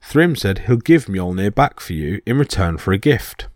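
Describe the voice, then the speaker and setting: A man's voice: lowish voice, sing-song, moderate pace, no room sound, clean studio sound. Loki, a man playing a sly trickster god.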